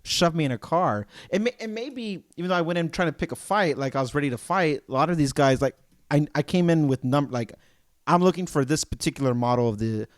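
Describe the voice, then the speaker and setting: A man's voice: a little high, brisk, no room sound, studio quality. A man co-hosting a podcast, chatting casually and acting out the other people in his stories. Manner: animated storyteller, acts out dealer dialogue. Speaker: podcast co-host. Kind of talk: casual chat.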